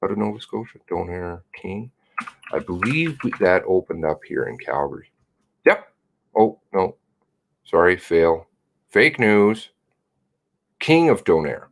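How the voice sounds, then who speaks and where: A deep, creaky, sing-song voice at a measured pace, pausing often, belongs to a man live streaming. He chats casually, reads viewer comments aloud and rambles self-mockingly, alternating laughs with mutters.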